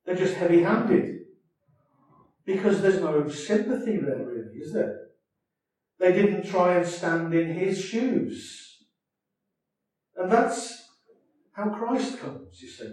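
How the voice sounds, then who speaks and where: A man's voice: high voice, animated, unhurried, warm tone, recorded from a distance. A man preaching a sermon in a conversational way, often adding tag questions and restarting his phrases. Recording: echoey hall, voice from off mic.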